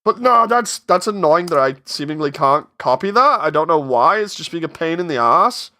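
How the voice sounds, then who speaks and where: A man's voice: on the high side, sing-song, moderate pace, bright, forceful tone. A man chatting casually on a live stream while working on his animation, rambling, interrupting himself and getting exasperated.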